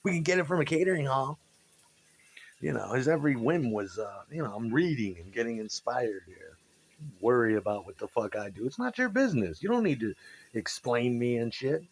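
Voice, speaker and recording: A musician with a medium-pitched, slightly rough voice tells brisk, rambling, profane stories about old gigs. He gets animated acting out what people said in this casual storytelling monologue.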